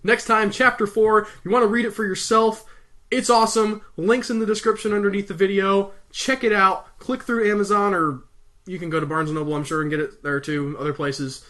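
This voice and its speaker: A man's voice: high-pitched, flat delivery, fairly quick, pushed and bright. A man reading a novel aloud casually, breaking off with enthusiastic, gushing comments. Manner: enthusiastic, gushing, laughing asides. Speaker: audiobook reader and video host.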